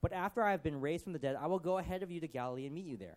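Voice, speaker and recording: A man preaching, reading scripture and retelling it in casual commentary with acted-out voices, swinging from loud to hushed. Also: on the high side, very fast, few pauses. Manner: acts out quotes in varied voices, conversational asides. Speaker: pastor.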